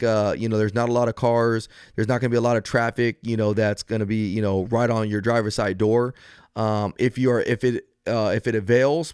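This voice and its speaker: With a smooth, darkish mid-range voice, a cop delivers advice on a podcast he hosts alone. He explains earnestly and step by step, often restarting and using fillers. The recording is dry and studio-clean.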